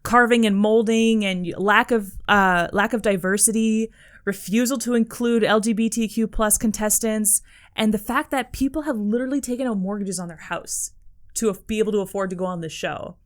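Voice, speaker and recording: A woman's voice: medium pitch, moderate pace. A woman co-hosting a podcast in casual chat, rambling with lots of fillers. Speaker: podcast co-host.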